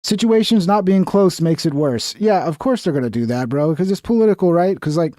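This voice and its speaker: A man's voice: fairly high pitch, animated, fairly quick, mellow, no room sound, clean studio sound. A man hosting a livestream, talking in a blunt, profane, rambling way. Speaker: livestream host. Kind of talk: casual livestream commentary.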